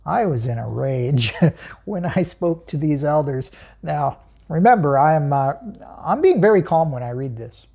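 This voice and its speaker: A woman's voice: low-pitched, animated, a little slow, gravelly, mellow. A woman hosting her own channel, telling a personal story in an emphatic way, chuckling often and asking herself questions.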